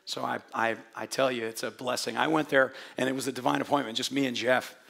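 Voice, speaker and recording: A man preaching a sermon to his congregation in a hoarse, gravelly voice, chatty and joking, often restarting his sentences. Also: mid-range voice, steady tone, fast talker, fairly bright tone. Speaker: pastor. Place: church hall before a congregation.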